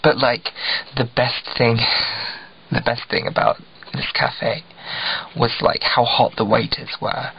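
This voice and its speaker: A man's voice: mid-range voice, level tone, slow, creaky, long pauses, husky. A young man from England vlogging in a casual, rambling, self-deprecating way, full of "like" fillers. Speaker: video blogger. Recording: dull lo-fi webcam audio with faint hiss.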